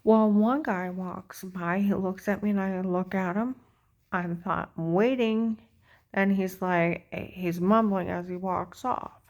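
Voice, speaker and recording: A woman's voice: mid-range voice, fairly even intonation, takes it slowly, darkish tone. A woman talking in a rambling, agitated personal monologue, full of fillers and repeated check-ins. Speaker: vlogger.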